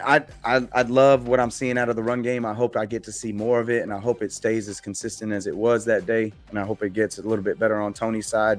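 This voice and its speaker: A man co-hosting a sports podcast, talking emphatically and with heart, swearing casually. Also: fairly low pitch. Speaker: podcast co-host.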